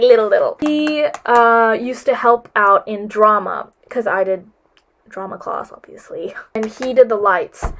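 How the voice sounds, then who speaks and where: A teenage girl vlogging advice to her viewers, gushing and rambling with lots of filler words, emotional and close to tears. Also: fairly high pitch. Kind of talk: casual advice vlog.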